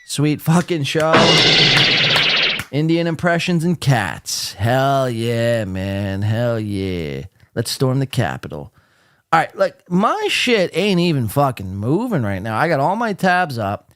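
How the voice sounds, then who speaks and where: A man's voice: mid-range voice, big pitch swings, slow, dry recording, clean studio sound. A man hosting a live podcast, talking casually with blunt sarcasm and frequent swearing. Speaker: podcast host.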